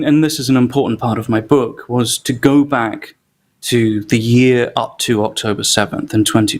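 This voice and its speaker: Author guy in an interview, measured and articulate, lots of ums, mid-pitched voice. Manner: measured, articulate, frequent um and uh fillers. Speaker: author guest. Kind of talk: political interview.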